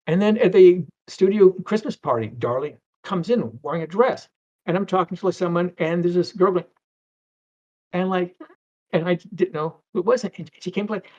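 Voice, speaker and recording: A man's voice: fairly high pitch, brisk, a little mellow, muffled recording. A middle-aged man talking casually as an interview guest, rambling through anecdotes with stammers and acted-out quotes.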